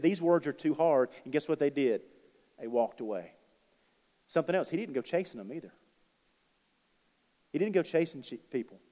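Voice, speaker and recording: A man preaching a sermon, telling stories and swinging between quiet asides and loud, emphatic bursts. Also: fairly high pitch, in a large hall. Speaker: pastor.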